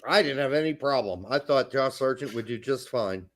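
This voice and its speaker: A man's voice: medium pitch, animated, fairly quick. A man co-hosting a casual soccer podcast, talking in a profane, emphatic way. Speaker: podcast co-host.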